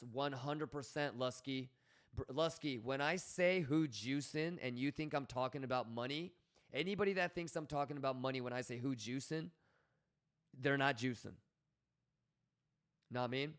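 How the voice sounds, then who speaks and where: A man's voice: fairly high pitch, measured pace, smooth. A man hosting a livestream, talking casually and bluntly to his chat, swearing often and coaching viewers. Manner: blunt, profane, coaching tone, reads chat aloud. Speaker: livestream host.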